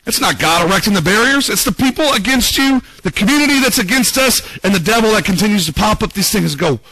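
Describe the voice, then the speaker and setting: A man's voice: sits high, lively intonation, fast talker, pushed and bright, husky, low-quality recording. A man preaching a sermon as pastor, dramatically acting out quoted prayers and voices. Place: church.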